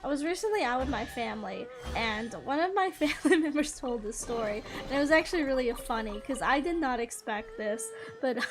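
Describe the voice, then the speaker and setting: A woman gaming streamer chatting casually and rambling with frequent giggles as she plays. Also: sits high. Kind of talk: casual gameplay chat.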